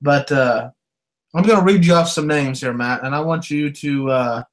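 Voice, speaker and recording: A man co-hosting a casual sports podcast, easygoing and teasing, with many "you know" fillers. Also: on the high side. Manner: laid-back, joking, drawn-out fillers. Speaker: podcast co-host.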